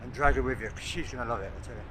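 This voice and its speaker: In a low-quality recording with crowd noise and clear outdoor sound behind, a man around sixty speaks rapid-fire at a medium pitch. This landscape photographer vlogger shoots on a coastal cliff at sunset, talking casually to camera and rambling with lots of "uh"s as he thinks aloud.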